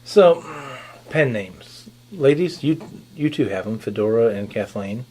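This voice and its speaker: A man's voice: mid-range voice, lively intonation, measured pace, warm tone. A man hosting a podcast panel, talking animatedly with sarcastic asides. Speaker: podcast host and producer. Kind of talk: casual panel chat.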